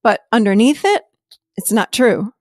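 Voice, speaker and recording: Animated woman podcast host, dry close sound. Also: a little high, normal speed, dry recording. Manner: animated storytelling, laughs while talking. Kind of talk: casual chat.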